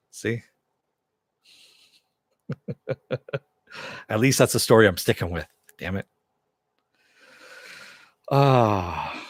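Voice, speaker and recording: A man with a low voice hosts a casual live stream, reading viewer comments and riffing on them. He rambles and laughs at himself often. The sound is dry and close. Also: slightly rough, no echo. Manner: rambling, self-deprecating, chuckles often.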